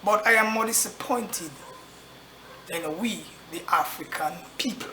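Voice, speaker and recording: A man giving a grave, impassioned address to the camera, slowly repeating rhetorical questions. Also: sits high, sharp tone, slight background noise. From Caribbean. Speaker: actor addressing his audience. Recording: roomy echo, faint ambience.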